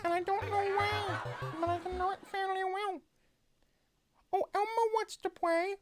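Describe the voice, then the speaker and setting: A man voicing a cheerful little furry monster child in a high, squeaky falsetto. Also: fairly even intonation, unhurried, over music. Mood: cheery.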